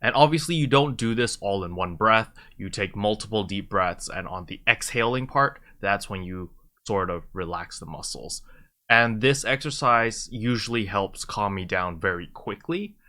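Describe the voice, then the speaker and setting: A man's voice: fairly low pitch, expressive, moderate pace, bright, forceful tone. A man talking casually to viewers, explaining a simple relaxation habit with plenty of fillers and restarts. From lives in China. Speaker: YouTuber giving advice. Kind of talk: casual advice talk to camera.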